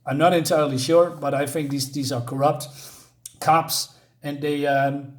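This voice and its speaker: A man talks through a comic he is reviewing, rambling and amused, with plenty of fillers. His voice sits a little high for a man. It stays casual throughout. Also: flat delivery, moderate pace.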